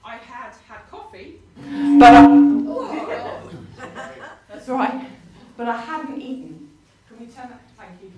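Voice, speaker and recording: A woman's voice: on the high side, a little slow, muffled recording. A woman preaching a sermon, telling a personal story with rhetorical questions to her congregation. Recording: roomy hall with faint ambience.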